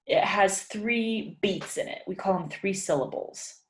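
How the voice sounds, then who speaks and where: Unhurried woman teaching English, echoey room. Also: medium pitch. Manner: thinks aloud with many ums, repeats sentences slowly for learners. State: yawning, sleepy. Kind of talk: casual spoken lesson, writing practice.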